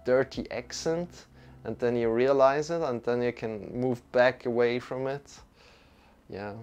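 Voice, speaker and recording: A man with a Swiss accent leading a live-streamed yoga and meditation session, giving calm instructions and chatting with viewers in between. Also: mid-range voice, smooth. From Switzerland. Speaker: yoga teacher. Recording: faint music behind voice.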